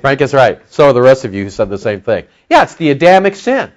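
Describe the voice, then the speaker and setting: A man's voice: medium pitch, sing-song, fast talker, muffled recording. A man preaching a conversational Bible-teaching sermon to a congregation, often emphatic. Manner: emphatic, rising to near-shouting when stirred; conversational, with asides to the audience. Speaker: pastor.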